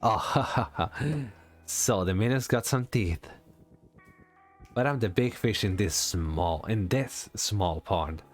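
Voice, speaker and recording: A cocky loan-shark boss in a game, smug and menacing, with slow, drawn-out threats, as a man puts him on. The voice sits low. Faint music plays behind.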